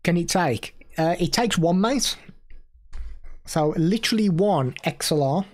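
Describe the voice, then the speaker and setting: A man's voice: high-pitched, expressive, unhurried. A male streamer chatting casually during a live stream, showing gear and answering viewers, laughing easily.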